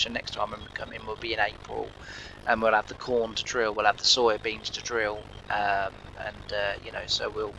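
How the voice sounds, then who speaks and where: A man's voice: mid-range voice, creaky, bright, forceful tone, a little hiss or hum, poor audio. A man hosting a farming game video, telling a rambling, self-deprecating story with lots of filler words. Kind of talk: casual storytelling over gameplay.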